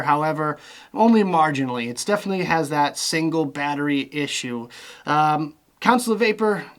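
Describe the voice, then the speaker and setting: A young man chatting casually in a vlog, relaxed and rambling with lots of fillers as he talks through his gear. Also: a little high. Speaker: vlogger reviewing vape gear.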